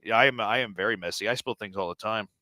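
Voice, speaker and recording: Rambling, self-mocking radio host. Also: male voice, lowish voice, fast, pushed and bright, no echo. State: slightly strained throat. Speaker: radio sports show host. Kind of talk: casual studio banter.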